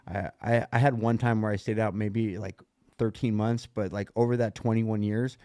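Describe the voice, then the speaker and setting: A middle-aged man with a low voice tells a long personal story in a loose, rambling way. He leans on "like" and "right?" constantly. The sound is dry and close, with no room around it. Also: fairly even intonation, moderate pace, a little mellow, clear, resonant tone, dry recording. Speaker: podcast guest sharing recovery story. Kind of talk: casual storytelling.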